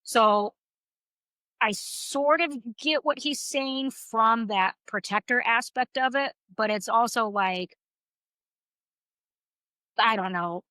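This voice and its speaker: A woman co-hosting a book podcast in casual chat, an animated storyteller who swears freely. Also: a little high, dry recording, rough recording. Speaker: podcast co-host.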